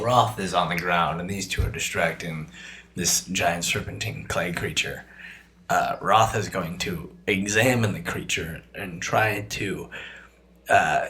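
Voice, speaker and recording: Lively, bright-voiced man playing a tabletop game. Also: low-pitched. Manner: playful, jokey. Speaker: player.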